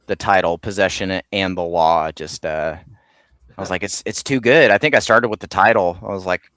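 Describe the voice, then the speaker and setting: A man with a lowish, smooth, clear voice talks as a guest in a casual interview. He rambles along with lots of ums and restarts. The sound is dry and close. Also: moderate pace, fairly bright tone, dry recording. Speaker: comic creator guest.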